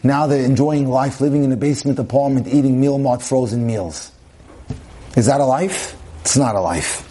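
A man's voice: mid-range voice, moderate pace, mellow. A man giving a sermon-style talk on marriage, emphatic and full of rhetorical questions. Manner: emphatic, repeats phrases, asks rhetorical questions.

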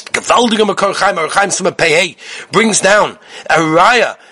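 Husky, bright-voiced male rabbi giving an animated, emphatic Torah class. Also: high voice. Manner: rapid-fire listing of sources, animated and emphatic. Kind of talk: lively spoken Torah lesson. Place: Israel.

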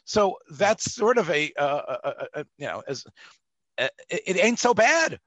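A man hosting an interview, chatty and animated, with Yiddish asides and many fillers. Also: on the high side, unhurried, dry recording. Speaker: podcast host, interviewer. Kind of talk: interview conversation.

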